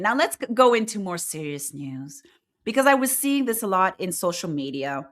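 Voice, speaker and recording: A woman's voice: medium pitch, very animated, moderate pace. A woman hosting an online talk show, ranting bluntly and animatedly in casual chat with her live viewers. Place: lives in Quebec, Canada.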